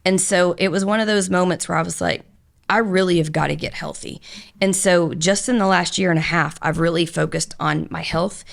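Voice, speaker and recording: A woman's voice: lowish voice, fairly even intonation, a little fast, vocal fry. A middle-aged woman guest on a podcast, telling her story frankly and openly in long, run-on conversational stretches. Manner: frank and open, talks in long run-on stories. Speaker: podcast guest, business owner.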